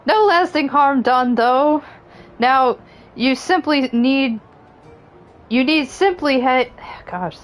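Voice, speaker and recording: A woman voicing a small, cheerful moogle creature in a game, speaking high and bouncy. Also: animated, slow pace, pauses often, soft background music. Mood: chirpy. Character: chirpy little moogle creature.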